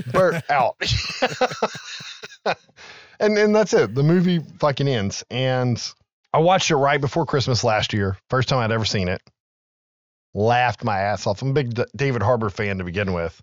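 A man's voice: medium pitch, a little slow, pauses often, dry recording, muffled recording. Man animatedly retelling a movie. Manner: animated retelling, acting out film lines with laughs. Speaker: podcast co-host. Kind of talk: casual film recap chat.

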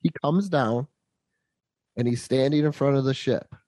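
A man's voice: mid-range voice, moderate pace, mellow, no echo. A man in his thirties chatting casually and enthusiastically about a movie he loves. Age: 30s. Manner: enthusiastic, nostalgic fan talk. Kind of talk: casual chat.

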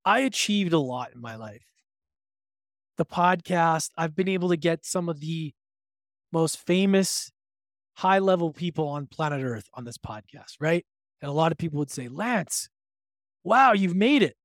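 A man's voice: on the high side, normal speed, no echo, studio quality. Candid, swearing man hosting a podcast. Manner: candid, swearing, retells conversations, motivational. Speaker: podcast host. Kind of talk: reflective solo podcast monologue.

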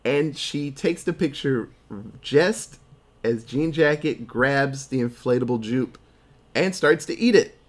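A man talking through a movie's story in a loose, chatty way, as a podcast co-host would. He jumps into quick character voices as he goes, keeping the retelling lively and offhand. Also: medium pitch. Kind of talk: casual movie recap.

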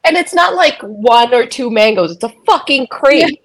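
A woman co-hosting a casual podcast chat, animated and joking, swearing casually and mixing in phrases. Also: a little high, normal speed. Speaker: podcast co-host.

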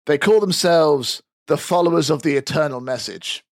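A sly little mousefolk spy who loves his own secrecy and drama, as a game master puts him on. The voice sits a bit high and is recorded very dry and close, with nothing around it. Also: moderate pace, creaky, no echo. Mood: conspiratorial. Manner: theatrical, conspiratorial, proud. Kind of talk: tabletop game character voice.

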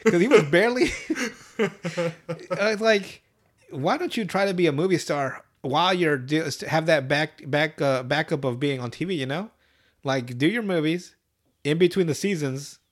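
A man hosting a casual podcast, recapping a cartoon episode with swearing, laughter and quick asides. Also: fairly high pitch. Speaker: podcast host.

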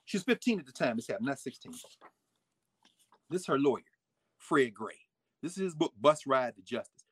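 A man giving a lively history lecture with folksy asides, swinging his volume up and down. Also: on the high side, slightly rough, no room sound. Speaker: history teacher. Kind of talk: lively history lecture with read-aloud quotes.

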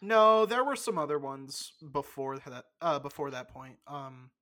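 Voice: medium pitch, animated, a crowd in the background. Blunt, opinionated young podcast co-host. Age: young adult. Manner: blunt, opinionated, swears freely; loose, halting delivery with many fillers. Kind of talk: casual chat.

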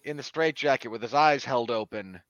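A man's voice: medium pitch, moderate pace, fairly bright tone, no echo. A man co-hosting a casual film review podcast, sardonic, given to exaggerated mock outbursts. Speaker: podcast co-host.

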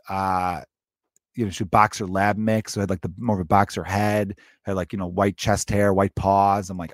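A man's voice: low-pitched, level tone, moderate pace, no echo, studio quality. A man in his thirties hosting a comedy podcast, telling a loose, profane, jokey story.

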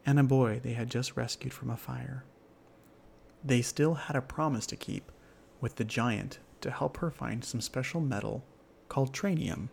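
A man narrating a children's fantasy story in a gentle, measured storybook delivery. His voice has a gravelly, creaky rasp, and his pitch sits in an ordinary middle register. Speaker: storyteller host.

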